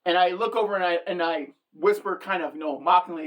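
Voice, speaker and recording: A middle-aged woman telling a comic story as a monologue, animated and deadpan at the punchlines, jumping into the voices of the people she quotes. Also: lowish voice, quick pace, slight background noise. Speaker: comedic storyteller.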